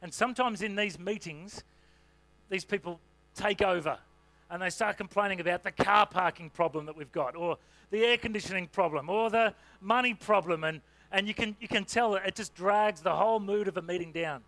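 A man's voice: sits high, normal speed, a bit bright, dry recording. A man preaching a sermon in a conversational, humorous way, with asides and fillers. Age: adult parent.

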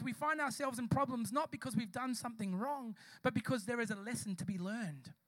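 A man's voice: very high-pitched, sharp tone, no echo. A man preaching a live church sermon, telling a story and speaking straight to the congregation with passion. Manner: impassioned, addresses the congregation directly. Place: church service before a congregation.

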